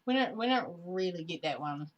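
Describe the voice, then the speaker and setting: A woman's voice: on the low side, lively intonation, moderate pace, highs cut off. A woman with a New Zealand accent co-hosting a casual podcast, talking expressively and with emphasis. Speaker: podcast co-host.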